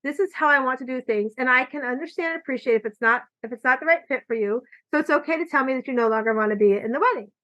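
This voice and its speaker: A woman hosting a podcast, chatting casually and telling animated stories, acting out quoted lines, recorded with muffled lo-fi audio. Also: high voice, very fast, few pauses. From California. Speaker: podcast host. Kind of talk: casual conversation. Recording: dull lo-fi audio.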